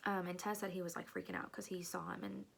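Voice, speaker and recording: A young woman tells a personal story in a casual, chatty vlog. She leans heavily on "like" as a filler and often drops into hushed asides. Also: on the low side, level tone, quick pace, gravelly, a little hiss or hum. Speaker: vlogger.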